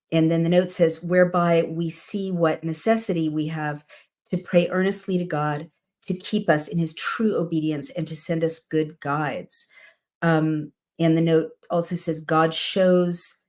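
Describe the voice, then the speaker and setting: A woman's voice: sits low, darkish tone. A woman reading a Bible passage aloud and breaking off for reflective, conversational commentary, often checking in with "right?". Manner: reflective, conversational asides with "right?" and "you know". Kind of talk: scripture reading with personal commentary.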